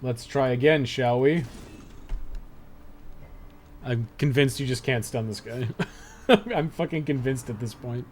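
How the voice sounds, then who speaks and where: A man's voice: mid-range voice, a little slow, long pauses, a little mellow, slight background noise. A young man playing a dungeon game on a live stream, muttering and swearing through casual commentary. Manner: laid-back, swears a lot, muttering asides.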